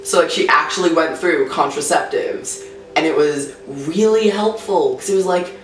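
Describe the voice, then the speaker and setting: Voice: mid-range voice, normal speed. Teen interviewee, roomy distant sound. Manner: casual, frank, many "like" fillers. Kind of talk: candid personal interview. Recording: roomy sound from a distant mic, faint music.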